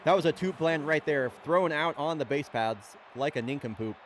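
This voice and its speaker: A talkative male play-by-play commentator with a voice pitched a little above the usual for a man. He rattles off the action in a loose, casual way, with a faint hiss of noise underneath. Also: normal speed. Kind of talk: casual fake-baseball commentary.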